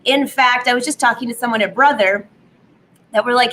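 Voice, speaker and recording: Slightly hoarse, chatty woman host. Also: a little high, a little fast, fairly bright tone, slight background noise, low-quality recording. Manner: chatty, upbeat, laughs at her own jokes. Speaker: sewing vlog host. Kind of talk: casual live stream chat. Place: home sewing studio.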